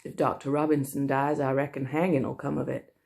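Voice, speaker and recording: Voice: medium pitch, little pitch movement, a little fast, gravelly, darkish tone, natural voice. A teacher reading aloud, voicing a blunt, streetwise boy in a put-on American drawl. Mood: grim. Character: ragged boy Huck Finn, blunt, streetwise.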